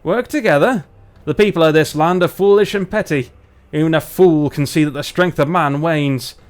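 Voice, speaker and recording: A man voicing a proud, gruff male dwarf leader from the frozen north, in a put-on northern British accent and a formal, stern manner. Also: fairly high pitch, moderate pace, close to an everyday voice.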